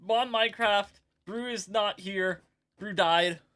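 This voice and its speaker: Game streamer, casual live chat, giggly, rambling, bright edge. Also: mid-range voice, takes it slowly.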